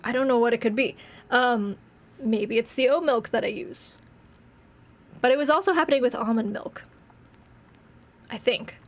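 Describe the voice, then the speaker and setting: A woman's voice: a little high, normal speed, long pauses. A woman in her late twenties streaming games, chatting casually and rambling with viewers, laughing often, with a slightly congested, phlegmy throat. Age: late 20s. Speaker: game streamer.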